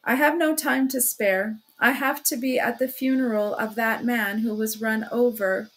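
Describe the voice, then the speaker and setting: A woman's voice: on the high side, steady tone, normal speed, close to an everyday voice, rough recording. A woman voicing an irritated young man who speaks in a resolute, clipped and irritable way.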